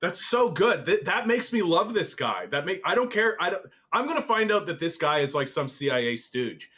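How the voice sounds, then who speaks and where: Guy ranting over a news article, kinda high voice, cursing and getting worked up. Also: normal speed. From Canada. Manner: animated, swearing, exasperated. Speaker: political commentary host. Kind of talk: reacting to a news article read aloud.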